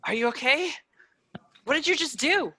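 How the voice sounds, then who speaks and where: A woman voicing a frightened, desperate young female hunter in a tabletop game, high and strained. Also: lively intonation, normal speed, bright, forceful tone.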